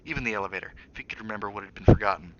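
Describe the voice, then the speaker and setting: A man's voice: lowish voice, very fast. Man reading a novel aloud dramatically. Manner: dramatic, with asides to viewers. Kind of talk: dramatic read-aloud narration. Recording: dull lo-fi mic with faint hiss.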